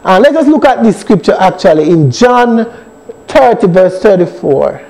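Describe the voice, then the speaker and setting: A man's voice: sits high, very animated, moderate pace, mellow, low-quality recording. A man with a Jamaican accent leading a Bible study as a church elder, teaching earnestly, reading scripture aloud and often asking whether his listeners understand.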